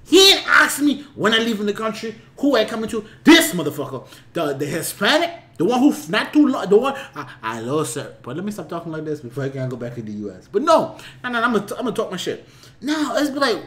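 A man's voice: high-pitched, huge pitch swings, quick pace, a bit bright, reverberant. A man hosting a reaction video, ranting casually with sudden swings in volume. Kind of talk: ranting commentary.

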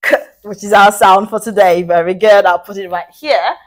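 A woman teaching a children's phonics lesson, sounding out letters slowly and praising young learners cheerfully. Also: mid-range voice. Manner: slow, drawn-out letter sounds.

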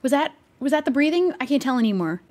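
A young woman, a Minecraft roleplay streamer, chats in character during a game, nervous and jokey as she rambles and stammers. Her high voice is very animated, fast, and a little mellow.

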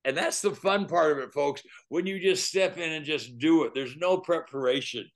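Older man telling lively faith stories. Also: a little high, moderate pace. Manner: animated, laughs often while telling stories. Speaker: guest evangelist. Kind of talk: storytelling testimony.

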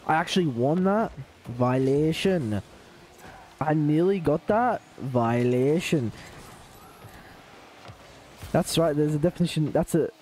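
An excitable Australian man streaming live, bantering with chat and mocking opponents. His voice sits a little high for a man, with a soft, mellow tone and faint noise behind it. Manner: excitable, joking trash talk with chat. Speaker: game streamer. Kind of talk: live gaming commentary.

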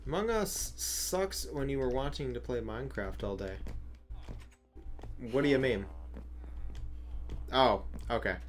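Game streamer, casual gameplay chat, swears a lot, very animated pitch, faint music behind. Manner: reacting aloud, swearing, quick laughs; talking to viewers and teammates while playing. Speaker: livestreamer playing a block-building game.

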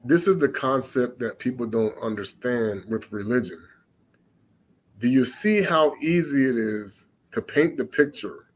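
Man preaching on scripture, mid-pitched voice, reads archaic verses slowly and comments emphatically with constant rhetorical questions. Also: expressive, rough recording. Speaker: religious teacher.

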